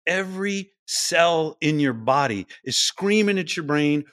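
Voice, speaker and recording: A middle-aged man, a podcast guest, explaining things in a lively interview style and now and then acting out quoted voices. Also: on the high side, measured pace, few pauses, no room sound, clean studio sound.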